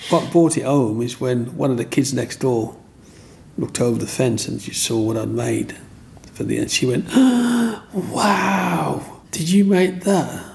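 Gravelly older man. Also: mid-range voice, normal speed, slight background noise. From Black Country, England. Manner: rambling, animated, acts out voices. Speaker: interviewee. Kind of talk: storytelling interview.

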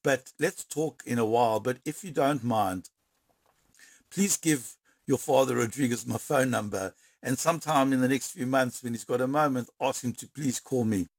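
Animated male storyteller, dry mic. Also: medium pitch, breathy edge, dry recording. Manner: animated storyteller with quick bursts and repeated words. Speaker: interviewee. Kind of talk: storytelling interview.

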